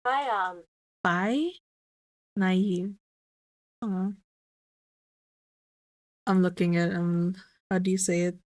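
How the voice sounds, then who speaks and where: A woman's voice: on the low side, fairly even intonation, very slow, pauses often, no room sound. A woman streamer chatting casually with her viewers, musing aloud and repeating a word over and over to test how it sounds. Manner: chatty with viewers, light swearing. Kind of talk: casual livestream chat.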